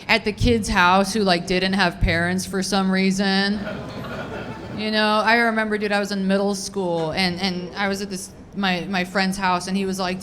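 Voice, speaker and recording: A woman in her thirties works a comedy club stage with a deadpan, rambling delivery full of crude self-mockery. Her voice sits at an everyday middle pitch. A steady low rumble runs under the live recording. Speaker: stand-up comedian. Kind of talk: stand-up comedy set.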